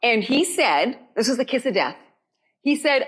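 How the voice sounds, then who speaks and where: A woman, a salon guest, telling a story in casual chat, dramatic and lively, acting out the voices in what she quotes and laughing often. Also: high voice, moderate pace, slightly rough.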